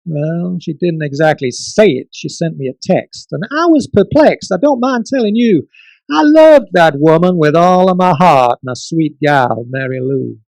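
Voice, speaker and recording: A man's voice: fairly high pitch, very animated, a little slow, vocal fry, darkish tone, dry recording, voice pushed up, heavily acted, rough recording. A man voicing a heartbroken urban cowboy in a mock American cowboy drawl, reciting rhymed lines in a comic sing-song way. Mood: lamenting. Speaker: poet performing his poem. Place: book launch event.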